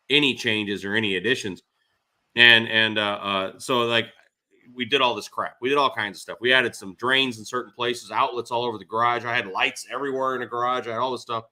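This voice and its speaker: Male guest, bright and forceful voice, chatty storyteller. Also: medium pitch, normal speed. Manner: animated anecdote-telling, laughing often. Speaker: podcast guest. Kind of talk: casual storytelling.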